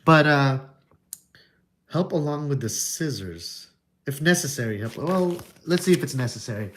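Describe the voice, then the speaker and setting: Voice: mid-range voice, expressive, normal speed, a bit bright, a little hiss or hum. Casual puzzle-walkthrough streamer: rambling, goofy, jokey, reads game text aloud. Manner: goofy, rambling, crude wordplay jokes.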